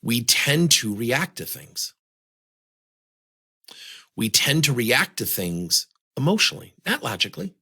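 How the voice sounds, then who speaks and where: A man's voice: medium pitch, big pitch swings, a little slow, long pauses, sharp tone, breathy edge. Guy giving a motivational talk, voice swings up and down a lot, keeps firing rhetorical questions. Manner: asks many rhetorical questions. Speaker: speaker on communication.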